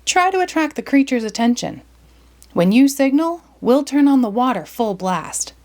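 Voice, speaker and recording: A can-do teenage leader in a cartoon storybook, acted out by a woman reading aloud. He gives orders in a bright, lifted, upbeat voice. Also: sits high, very animated, normal speed, pitched above the performer's own voice. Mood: bossy. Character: confident teenage boy, gang leader.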